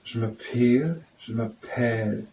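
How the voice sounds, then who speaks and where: A man works through French phrases, repeating each one slowly as he tries out the sounds. His voice sits in a middling register and comes from some distance off the mic, with a faint hiss of background noise underneath. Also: medium pitch, mellow, lo-fi sound. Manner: slow, repetitive, trying out pronunciations. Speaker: language and exercise tutor. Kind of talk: practicing French phrases aloud, then leading exercises.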